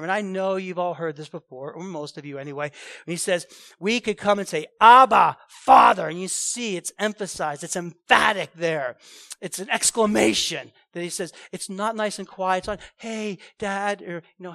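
A pastor preaching a sermon in an animated, emphatic way, often repeating his phrases. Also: high voice, dry recording.

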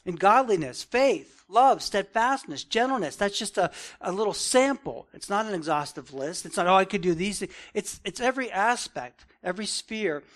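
A man teaching from the Bible in a fairly high voice. He is earnest and conversational, peppering his points with "man" and "right?" and pressing hard when he stresses a command. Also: big pitch swings, normal speed, hardly any pauses, fairly bright tone. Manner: earnest, repeats "man" and "right?", swells in emphasis. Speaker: preacher.

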